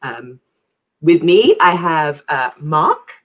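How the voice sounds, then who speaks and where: A woman's voice: deep voice, sing-song, takes it slowly, dull audio. A woman hosting a live video chat, cheerful and a little hesitant as she moderates. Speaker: host. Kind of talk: casual chat. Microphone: video call.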